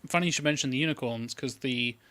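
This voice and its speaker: A man's voice: mid-range voice, fast, bright, forceful tone. A man co-hosting a live film discussion, reading out the chat and making blunt, dry asides. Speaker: podcast co-host reading the chat.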